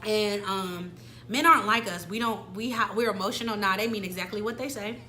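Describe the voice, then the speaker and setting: A woman's voice: mid-range voice, fairly quick, sharp tone, faint music behind. A woman telling a personal story to her viewers in a casual, slangy, dramatic way. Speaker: storytime vlogger.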